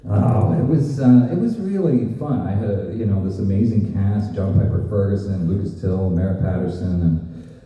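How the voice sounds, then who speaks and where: A man's voice: low-pitched, normal speed. A man with a neutral American accent, telling stories and laughing as a guest on a convention panel. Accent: neutral General American. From Canada. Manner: animated storytelling, laughs often. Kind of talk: casual convention panel talk. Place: large convention hall. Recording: distant echoey hall, muffled.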